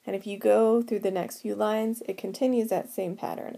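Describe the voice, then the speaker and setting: A woman's voice: medium pitch, fairly even intonation, normal speed, creaky, few pauses, mellow. A woman teaching a recorded whiteboard lesson, explaining patiently step by step.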